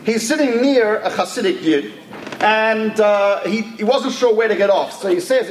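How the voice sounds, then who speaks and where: A man's voice: high voice, expressive, normal speed. A man telling a story in a lecture, talking casually with asides and restarts. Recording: echoey room with faint ambient noise.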